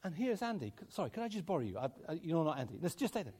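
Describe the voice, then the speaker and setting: Lively preacher telling a story. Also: male voice, on the high side, rapid-fire, breathy edge. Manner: storytelling with acted dialogue, laughing often. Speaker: pastor. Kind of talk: sermon.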